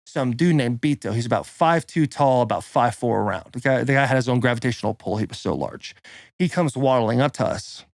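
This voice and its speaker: A man's voice: mid-range voice, vocal fry, no echo, clean studio sound. A young man co-hosting a podcast, telling a rowdy story in casual chat and acting out the quotes. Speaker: podcast co-host.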